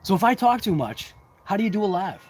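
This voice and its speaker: A man's voice: high-pitched, big pitch swings, fast, darkish tone, a little hiss or hum. A man hosting a casual hobby livestream, chatting to viewers in a rambling, talkative, self-deprecating way. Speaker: RC hobby channel host.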